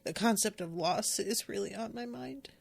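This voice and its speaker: A woman hosts a podcast with a mid-range, creaky voice at a normal speed. She chats casually about a book, rambling candidly and emotionally, with plenty of fillers.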